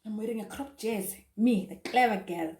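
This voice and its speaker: A young South African woman telling a casual storytime, chatty and animated, with asides to her viewers. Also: medium pitch, moderate pace. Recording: roomy echo.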